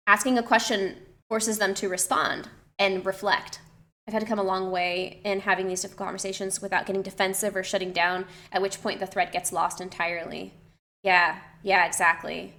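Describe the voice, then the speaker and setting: A woman's voice: mid-range voice, steady tone, fairly quick, bright, forceful tone. A young woman streamer chatting to her live chat, reflective and loose, with many fillers and restarts. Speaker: streamer and personal trainer.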